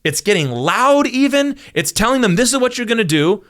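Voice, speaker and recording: A male pastor, talking on a podcast and telling stories, acting out quotes in loud bursts. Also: very high voice, brisk. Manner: animated storyteller, acts out quotes in bursts. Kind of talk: casual podcast conversation.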